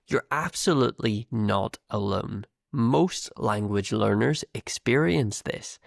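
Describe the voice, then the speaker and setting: A man's voice: mid-range voice, vocal fry, no room sound, clean studio sound. A man with a northern UK accent who hosts an English podcast and teaches in a patient, encouraging way, repeating words for learners. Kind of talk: slow, clear teaching talk.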